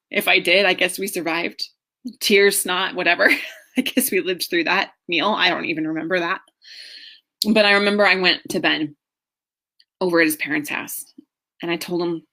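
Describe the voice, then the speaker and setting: A middle-aged woman, a marriage coach, telling her own story in an earnest, emotional way with slow pauses. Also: fairly low pitch, steady tone, pushed and bright. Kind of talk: personal story talk.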